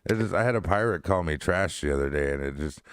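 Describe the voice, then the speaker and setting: A man's voice: deep voice, lively intonation, fast talker, clean tone, dry recording. A man co-hosting a casual talk show, joking and swearing with a laugh. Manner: joking, crude, laughs often. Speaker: podcast co-host. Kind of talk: casual banter.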